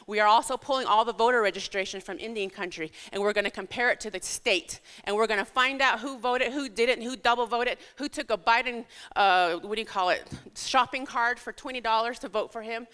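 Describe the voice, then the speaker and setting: A woman's voice: a little high, a little fast, few pauses, a bit bright, smooth. A woman giving an impassioned, urgent campaign speech at a town hall in a church hall. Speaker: political candidate. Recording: echoey hall with long reverb.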